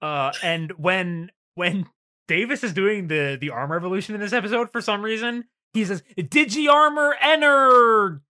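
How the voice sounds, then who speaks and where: A man hosting a podcast in casual chat, animated, swearing freely and laughing often. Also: high-pitched, normal speed. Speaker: podcast host.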